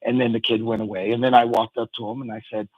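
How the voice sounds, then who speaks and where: A man calling in to a radio show, telling a fond memory in a rambling, halting way with lots of fillers and restarts. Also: medium pitch, little pitch movement, no echo, dull audio. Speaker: caller sharing a fan memory. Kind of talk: casual phone-in storytelling.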